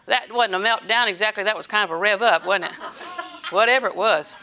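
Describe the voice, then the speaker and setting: A woman's voice: medium pitch, brisk, sharp tone. An older woman preaching a sermon, telling homespun personal stories and chuckling between them.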